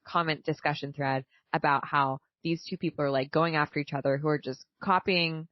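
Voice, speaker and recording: A woman's voice: low voice, fairly even intonation, a little fast, no room sound, highs cut off. A woman in her thirties co-hosting a podcast, chatty and playful in casual talk. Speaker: podcast co-host. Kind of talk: casual chat.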